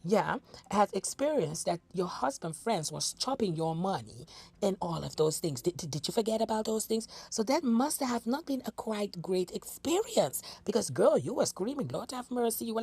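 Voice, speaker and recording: A woman's voice: mid-range voice, darkish tone, breathy edge. Sassy scolding woman commentator. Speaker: commentator reacting to clips. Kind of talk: mocking reaction commentary.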